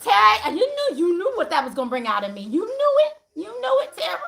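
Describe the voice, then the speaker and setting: A woman's voice: very high voice, wildly swooping pitch, fast talker, vocal fry, heavy background noise. A woman hosting a livestream talk to viewers, emphatic and profane, laughing often as she preaches. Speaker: spiritual channel host.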